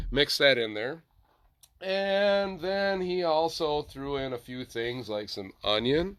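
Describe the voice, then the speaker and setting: A man's voice: mid-range voice, sharp tone, dry recording. A man, hosting a casual show and rambling through a story with chatty asides. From Wisconsin. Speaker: host. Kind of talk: casual chat.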